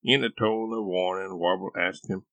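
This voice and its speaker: A man narrating a comic story he wrote, wry and expressive in his storytelling. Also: low-pitched, moderate pace, creaky, dry recording. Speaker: author reading his book.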